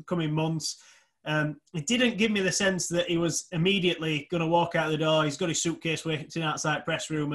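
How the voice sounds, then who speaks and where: A man hosts a casual fan podcast in a fairly high voice. He talks in a chatty way and teases his co-host. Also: a bit bright. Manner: chatty, teasing. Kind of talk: casual football podcast chat.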